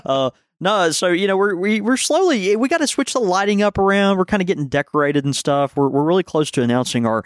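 A man's voice: high-pitched, animated, fairly quick, hardly any pauses, no room sound, clean studio sound. A man co-hosting a casual live podcast, rambling with many fillers and restarts. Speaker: podcast co-host and shop owner. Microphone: studio microphone.

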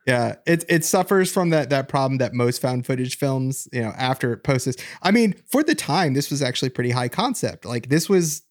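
A man's voice: mid-range voice, expressive, fairly quick, few pauses. A man chatting casually about a film, opinionated and critical, swearing now and then. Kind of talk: casual chat reviewing a film.

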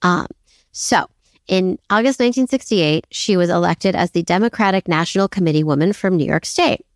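A woman's voice: on the low side, moderate pace, dry recording, clean studio sound. A woman co-hosting a podcast in casual chat, chatty and self-deprecating with many fillers. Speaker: podcast co-host.

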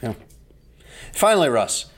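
A man's voice: medium pitch, sing-song, a little slow, slight background noise. A man co-hosting a podcast, telling stories in a wry, exasperated casual chat. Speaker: podcast co-host.

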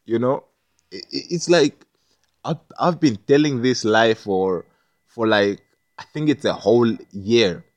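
A man's voice: medium pitch, unhurried, dry recording. A man telling a personal story in a loose, rambling way, full of fillers and restarts. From not Jamaica. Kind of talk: casual storytelling.

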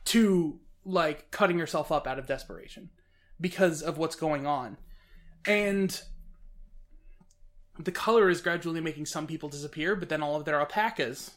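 Casting: male podcast host, high voice, rambling and animated, casual film talk. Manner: rambling, animated, restarts often. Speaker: podcast host reviewing films. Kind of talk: casual chat.

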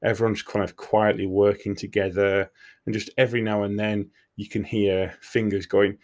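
A man's voice: on the low side, normal speed. A man telling a crude comic story in casual chat, swearing freely. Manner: animated, swearing, laughing storyteller.

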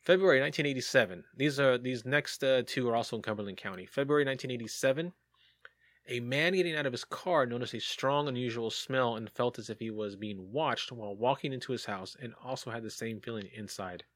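A man's voice: medium pitch, fairly quick, a bit bright, no room sound. A man hosting a casual podcast, reading sighting reports aloud and joking about them. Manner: jokey, reads reports aloud with asides.

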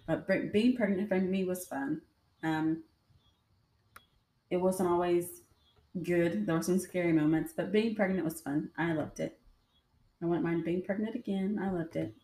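A young adult woman with a fairly low, mellow voice tells her own stories on her vlog. She talks in a loose, rambling way crowded with fillers, recorded in an echoey room.

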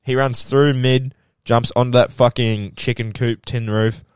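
A young Australian man telling stories in casual podcast chat, animated and full of swearing. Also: medium pitch, unhurried, smooth, no room sound, clean studio sound. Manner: animated storytelling, heavy swearing. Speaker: podcast co-host.

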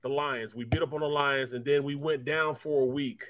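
A man's voice: mid-range voice, steady tone, normal speed, fairly bright tone, no echo. A man who used to play football, co-hosting a sports talk show and telling long rambling stories with lots of repeats. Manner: rambling storyteller, repeats himself. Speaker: co-host, former football player.

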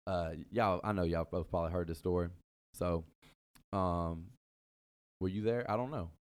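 Deep voiced guy telling a rambling story to his buddies, lots of ums and side tangents. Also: steady tone, measured pace, smooth. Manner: rambling, meandering, full of fillers and asides. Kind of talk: casual storytelling chat.

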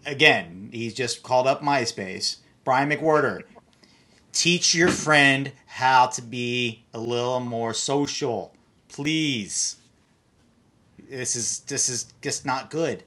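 A man's voice: medium pitch, sharp tone. A middle-aged man hosting a casual chat, teasing his guest and joking freely. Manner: teasing, quick to joke with the guest. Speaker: host.

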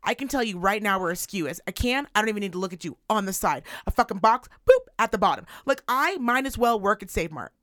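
Female co-host, profane and animated, swings her pitch widely, dry close mic. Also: fast, few pauses, no echo. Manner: animated, profane, acts out voices. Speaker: podcast co-host. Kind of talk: casual chat, storytelling rant.

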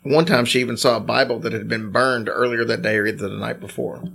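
Gravelly man telling ghost stories. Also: mid-range voice, fast talker. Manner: animated storyteller, teasing. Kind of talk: casual storytelling chat.

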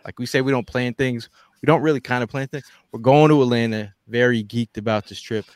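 A man's voice: mid-range voice, steady tone, fairly quick, no room sound. A man hosts a laid-back sports show, joking and tripping over his words as he wraps things up. The sound is dry and close. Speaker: podcast host. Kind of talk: casual sports talk.

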